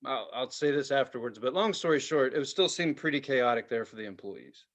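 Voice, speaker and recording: A man's voice: medium pitch, brisk. A middle-aged man, a podcast co-host, telling a story in casual chat, heated and full of swearing. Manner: heated, profane, animated storytelling.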